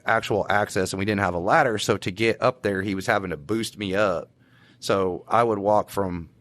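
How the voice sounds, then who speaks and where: A man's voice: low voice, fairly bright tone, no echo. A man, a police officer co-hosting a podcast, telling work stories in a laid-back drawl. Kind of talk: casual storytelling chat.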